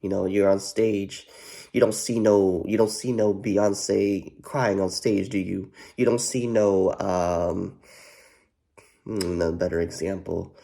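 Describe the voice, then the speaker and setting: Rambling male vlogger, low and gravelly, swears freely, loops on fillers. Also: little pitch movement, takes it slowly, mellow. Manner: rambling, heavy filler "you know what", profane, repeats himself. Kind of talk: casual rambling commentary.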